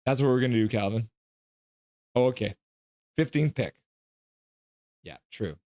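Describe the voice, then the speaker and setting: A man's voice: medium pitch, measured pace, dry recording, clean studio sound. A young man hosting a live reaction stream, joking with his chat and calling hockey play. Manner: joking, excitable, banters with chat.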